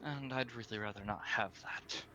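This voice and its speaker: A man's voice: lowish voice, normal speed, sharp tone, a little hiss or hum. A man playing a tabletop role-playing game, speaking in character, blunt and exasperated. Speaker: player.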